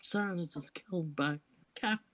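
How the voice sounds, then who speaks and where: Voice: mid-range voice, moderate pace, a bit bright. A co-host in a casual gaming chat, easygoing and agreeable, adding bits of trivia. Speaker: podcast co-host.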